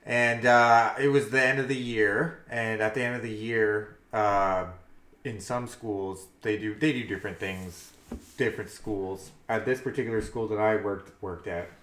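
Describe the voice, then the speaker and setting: A man's voice: lowish voice, fairly even intonation, a little slow, fairly bright tone. A man co-hosting a casual talk show, telling stories in a rambling way and laughing often. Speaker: co-host. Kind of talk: casual podcast chat. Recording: echoey room.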